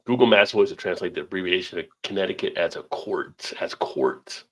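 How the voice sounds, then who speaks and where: Low-voiced easygoing man chatting. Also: brisk. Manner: rambling, easygoing, laughs often. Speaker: live stream host. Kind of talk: casual chat over beers.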